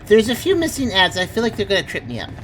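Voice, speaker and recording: A woman's voice: mid-range voice, wildly swooping pitch, fast, fairly bright tone, soft background music. A woman streaming a game, chatting casually and thinking aloud as she plays, laughing often. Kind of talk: casual gameplay commentary.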